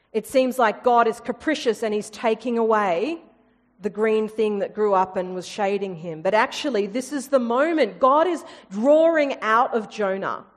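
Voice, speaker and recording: A woman preaching a sermon, lively and storytelling, with humorous asides. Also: fairly high pitch, in a large hall.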